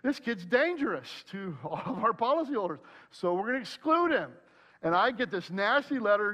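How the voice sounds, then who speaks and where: A man preaching a sermon, telling a personal story in an animated way and acting out his own worried thoughts aloud. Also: high voice, normal speed. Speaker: pastor.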